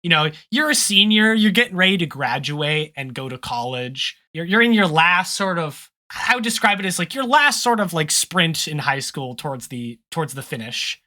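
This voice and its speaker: A game master narrating an improvised tabletop role-play in a relaxed, rambling way. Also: mid-range voice, moderate pace, few pauses. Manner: relaxed, rambling, laughs often.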